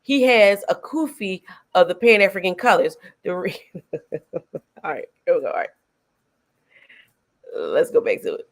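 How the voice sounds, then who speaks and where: A woman hosting a film reaction show, chatting casually and excitably, laughing often and using slang. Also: on the low side, measured pace, long pauses.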